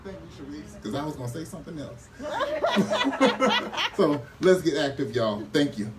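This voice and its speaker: A man's voice: on the high side, lively intonation, brisk. A man giving a rousing, preacher-like speech at an outdoor press conference. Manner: rousing, preacher-like delivery addressing the crowd. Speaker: community advocate speaker. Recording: distant mic with faint ambient noise.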